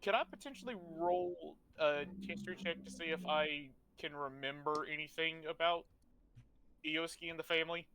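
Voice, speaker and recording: A man's voice: a little high, moderate pace, noisy background. A man playing a tabletop role-playing game, declaring his character's actions and speaking his lines with dramatic flair. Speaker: player.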